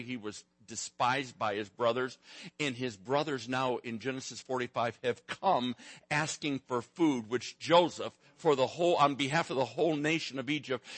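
Bright-voiced preacher in his sixties. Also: mid-range voice, dry recording. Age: 60s. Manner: folksy storytelling preacher, joking with the congregation. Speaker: pastor. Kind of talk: sermon.

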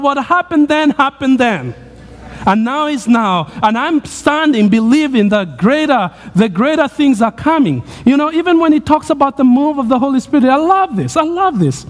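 A man preaches to his congregation in a sermon, often repeating his lines with growing fervor. His voice sits high for a man. The sound carries the long reverb of a church hall. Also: darkish tone. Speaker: pastor.

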